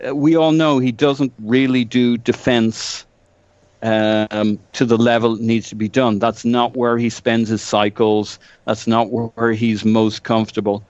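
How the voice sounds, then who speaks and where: A man giving a measured, analytical take on football tactics in a casual chat. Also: medium pitch, little pitch movement, a little mellow, dry recording, muffled recording.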